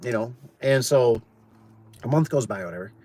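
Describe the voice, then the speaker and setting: A man's voice: mid-range voice, lively intonation, moderate pace, a little mellow, no room sound. A man with a mid-range voice tells a story from his garage door business in a loose, chatty way. He keeps adding "like" and "right?" as he goes, and his voice sits close to the mic with no room sound around it. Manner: chatty, tosses in "like" and "right?", acts out quoted voices. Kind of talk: casual storytelling.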